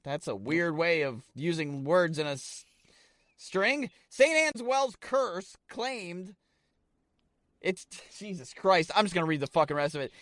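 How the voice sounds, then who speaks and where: In a clean, dry studio recording, a man with a slightly high voice co-hosts a podcast at normal speed. It's casual chat in which he rambles, curses, and grows excitable while telling stories.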